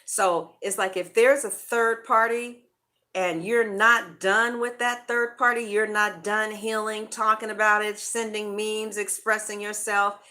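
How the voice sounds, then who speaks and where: A woman's voice: medium pitch, flat delivery, measured pace, sharp tone. A woman giving a casual tarot reading in a blunt, profane way of talking. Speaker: tarot reader.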